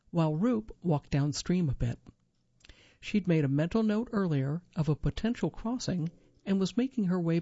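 A woman reading a magazine article aloud for a reading service, in a clear, even, measured way. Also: low voice, dry recording, highs cut off. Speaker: volunteer reader for a reading service. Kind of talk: scripted narration of magazine article.

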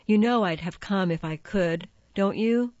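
A woman's voice: medium pitch, measured pace, darkish tone, dry recording, lo-fi sound, voice pushed up, close to an everyday voice. A woman voicing a snippy, bubbly teenage girl friend in an audiobook.

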